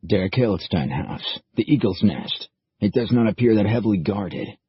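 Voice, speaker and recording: A man's voice: lowish voice, expressive, normal speed, breathy edge, no echo, muffled recording. A man voicing a male soldier with clipped, murmured speech. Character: accented male soldier under the villain.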